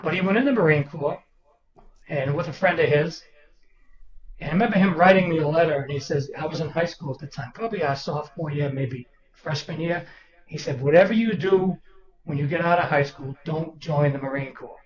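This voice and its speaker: A Boston-born older author guest spins animated anecdotes in a storytelling interview, voicing the people he quotes. He speaks briskly with a high-leaning voice, and the recording is roomy, distant and dull with a crowd in the background.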